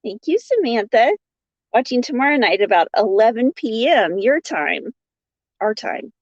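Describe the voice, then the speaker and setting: Greeting viewers by name and laughing between their comments, a playful crochet streamer chats casually in an unhurried, sing-song way. Her pitch sits a bit high and swoops around constantly. The dry, slightly dull audio has the lo-fi feel of a phone stream.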